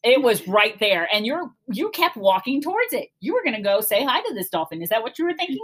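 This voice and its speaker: A woman's voice: fairly high pitch, a little fast. A middle-aged woman from Cleveland, chatting casually with her daughter and telling family stories with laughter and acted-out panic. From Cleveland, Ohio. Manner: animated, laughing, acts out her own panicked voice. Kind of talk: casual storytelling chat.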